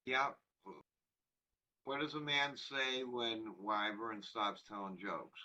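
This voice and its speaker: A man in a group session who tells jokes in a slow, hesitant way. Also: medium pitch, pushed and bright, lo-fi sound. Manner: slow, hesitant joke delivery. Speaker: participant telling jokes.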